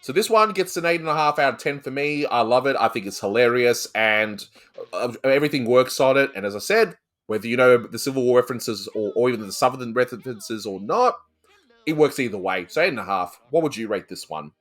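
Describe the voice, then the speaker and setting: A man's voice: medium pitch, animated, brisk, a bit bright. A man hosting a casual cartoon review chat, talking loosely with fillers. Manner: chatty, many fillers and laughs. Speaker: host.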